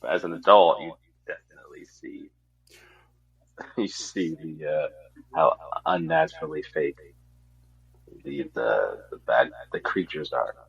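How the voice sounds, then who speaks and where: A man's voice: extremely low pitch, measured pace, gravelly, pauses often, a bit bright, husky, muffled recording. A man co-hosting a casual podcast chat, laid-back and swearing casually. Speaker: podcast co-host.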